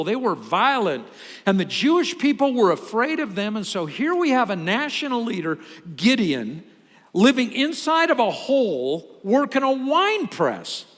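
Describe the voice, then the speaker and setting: A male pastor preaching a sermon, telling a story with lively, acted-out quotes. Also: on the high side. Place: church sanctuary. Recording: long hall reverb.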